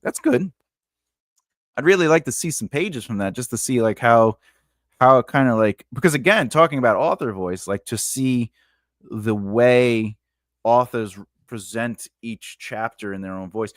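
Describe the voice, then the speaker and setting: Man, writing teacher, live-stream lesson, animated up-and-down voice, dry close sound, punny, filler-heavy. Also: mid-range voice, moderate pace, dry recording. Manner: punning, loose, full of "like" and "you know"; laughs often. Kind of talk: casual live-streamed lesson, reading chat comments.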